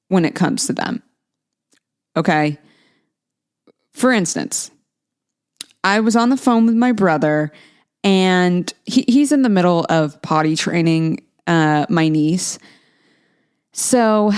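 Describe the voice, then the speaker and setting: A woman's voice: lowish voice, darkish tone, clear, resonant tone. A young woman hosting a podcast, talking in a casual, chatty way, laughing often and dropping playful asides. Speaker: podcast host. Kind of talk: casual solo chat.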